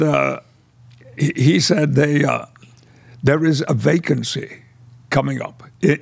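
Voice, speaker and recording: An older man from West Yorkshire who speaks with an English received pronunciation accent, telling stories as a guest in an interview and acting out the voices in them. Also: mid-range voice. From England, West Yorkshire. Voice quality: gravelly and husky. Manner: measured storyteller who acts out voices. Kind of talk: conversational storytelling interview.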